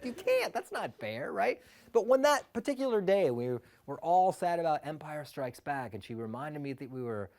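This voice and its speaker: A man's voice: on the high side, a little mellow. A man from Illinois telling a funny personal story with wry, self-mocking asides. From Illinois, USA.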